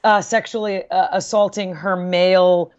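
A woman's voice: on the low side, fairly even intonation, normal speed, a little mellow, clean tone. A woman co-hosting a podcast, speaking earnestly with hesitations in casual chat. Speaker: podcast co-host. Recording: slightly dull sound.

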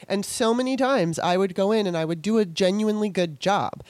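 A woman hosting an interview, a former actor telling a lively story in casual chat with many restarts. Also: mid-range voice, moderate pace, dry recording. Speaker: podcast host and former actor.

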